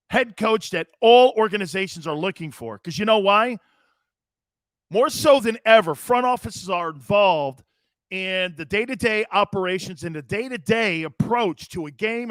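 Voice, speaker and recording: A man hosting a sports talk show, animated and joking as he talks. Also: high voice, dry recording, clean studio sound. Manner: animated, joking, often laughing. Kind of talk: casual sports radio talk.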